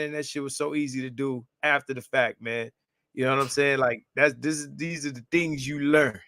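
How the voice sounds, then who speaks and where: A man's voice: medium pitch, gravelly, no echo, studio quality. A man in casual podcast chat who rants emphatically and swears freely. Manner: animated, emphatic ranting, profane.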